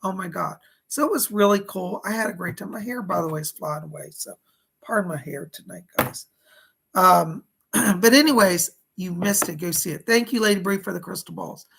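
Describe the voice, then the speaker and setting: A hoarse man, who says he is losing his voice, giving live-streamed psychic readings in a chatty, folksy way and thanking viewers by name. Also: sits high, moderate pace, fairly bright tone, slight background noise, low-quality recording. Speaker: psychic medium.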